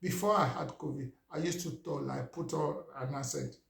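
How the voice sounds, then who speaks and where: Nigerian guy chatting away, kinda high gravelly voice, echoey room. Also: moderate pace, fairly bright tone. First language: Yoruba. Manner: chatty, repeats "you understand?". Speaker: vlogger. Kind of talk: casual storytelling monologue. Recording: roomy echo.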